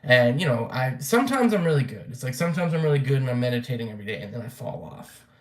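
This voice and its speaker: A man's voice: medium pitch, lively intonation, fast talker, roomy sound. A young man ranting casually on his vlog, blunt and rambling, swearing freely and full of fillers. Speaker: vlogger. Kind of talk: casual rant to camera.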